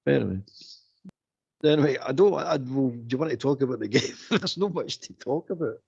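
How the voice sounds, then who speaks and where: A man on a football phone-in, talking in an exasperated, repetitive, animated way. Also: mid-range voice, fairly quick, creaky, breathy edge, lo-fi sound. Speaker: phone-in pundit. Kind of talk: casual football chat.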